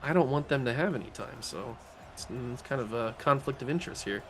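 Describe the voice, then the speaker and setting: A slight hiss or hum sits under this medium-pitched, fairly quick voice. The man runs a gaming channel and jokes his way through commentary on his own play, muttering to himself one moment and yelling excitedly the next.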